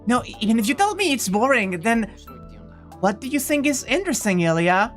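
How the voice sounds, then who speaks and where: A woman voicing an earnest teenage boy hero in a visual novel read-aloud, in a slightly lowered, thoughtful narrating voice. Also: sing-song, a little fast, faint music behind.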